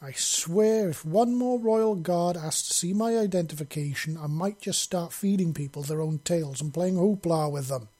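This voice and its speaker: A man's voice: a little high, animated, a little fast, mellow. A man doing a feisty insect matriarch. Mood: wry.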